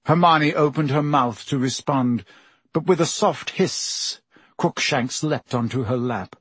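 A man's voice: medium pitch, measured pace, a bit bright, husky, no echo. A man reading a novel aloud as an audiobook narrator, telling the story steadily. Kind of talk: scripted narration.

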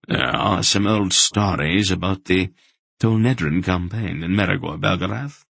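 A man's voice: sits low, a little slow, creaky, a bit bright, husky, no echo, exaggerated voice. A man reading an audiobook and voicing a worldly, sly male rogue with a dry, sardonic delivery. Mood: wry.

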